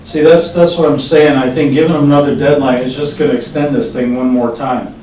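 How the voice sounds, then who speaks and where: A man chairs a public board meeting in a flat, mellow voice, halting and restarting as he steers the talk. He sits away from the mic in an echoey meeting room with a faint hiss behind him. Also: medium pitch, far from the mic. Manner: halting, leads the discussion, restarts often.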